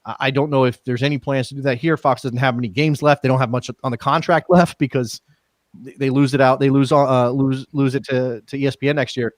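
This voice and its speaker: A man with an American accent co-hosting a casual soccer talk show, jokey and thinking out loud with restarts. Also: mid-range voice, steady tone, fairly quick, no room sound. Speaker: co-host.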